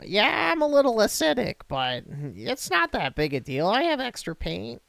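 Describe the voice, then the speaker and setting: A man's voice: huge pitch swings, creaky, a bit bright, no echo, exaggerated voice. A man putting on a screeching mocked woman. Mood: sneering parody. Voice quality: shrill, screeching. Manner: sneering parody, slow and drawn out. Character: screeching, hypocritical young woman being mocked.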